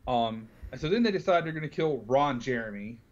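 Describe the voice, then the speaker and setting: A man's voice: mid-range voice, lively intonation, a little fast, muffled recording. A man co-hosting a casual film podcast, retelling scenes and acting out lines. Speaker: podcast co-host.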